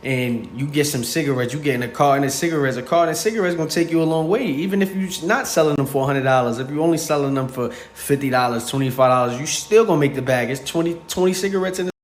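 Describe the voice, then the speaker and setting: Male host giving relaxed, explanatory commentary, recorded in an echoey room. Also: fairly high pitch, quick pace, few pauses. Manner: laid-back, explanatory, uses fillers. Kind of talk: casual commentary. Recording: echoey room with faint noise.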